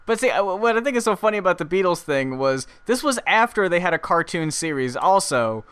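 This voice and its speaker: Smooth-voiced laid-back podcast man. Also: high-pitched, expressive, brisk, a bit bright. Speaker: podcast co-host. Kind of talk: casual chat.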